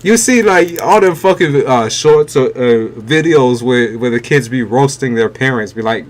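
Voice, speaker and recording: A man's voice: mid-range voice, a little slow, few pauses. A man giving a live-stream tarot reading, blunt and emphatic, with heavy swearing. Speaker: tarot reader.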